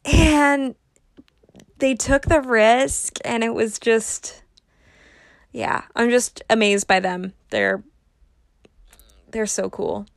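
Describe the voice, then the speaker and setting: Slow, rambling young woman podcaster. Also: a little high, steady tone, gravelly, no echo, studio quality. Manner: rambling, self-mocking humor. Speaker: podcast host. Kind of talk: casual solo podcast chat.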